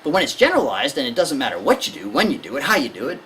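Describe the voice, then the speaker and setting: A woman's voice: very deep voice, sing-song, racing, a bit bright, a little hiss or hum, poor audio. A woman giving a conversational lecture to parents on anxiety in children, explaining with everyday examples. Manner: conversational, illustrates with examples and acted-out scenes.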